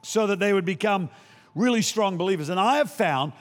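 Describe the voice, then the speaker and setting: Older male guest preacher, high lively voice, dramatic, reverberant sanctuary. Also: fairly quick. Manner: animated, acts out voices, shouts for emphasis. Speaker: pastor. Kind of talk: sermon.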